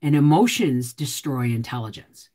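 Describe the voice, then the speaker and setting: A woman's voice: very deep voice, lively intonation, moderate pace, dark tone. A woman hosting a live stream from home, chatting with viewers in a chatty, teasing way and answering their comments. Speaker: homestead channel host.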